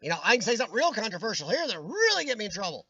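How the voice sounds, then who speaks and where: Racing through his words in a high, sing-song voice with a sharp tone and a breathy edge, an American live-streamer rants opinionatedly and answers viewers by name. His voice is starting to wear out, and the audio is dry and dull.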